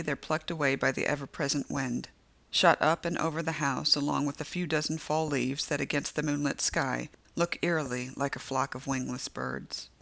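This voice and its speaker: A woman's voice: low-pitched, creaky, fairly bright tone. A woman narrating a first-person novel as an audiobook, with tense, vivid storytelling.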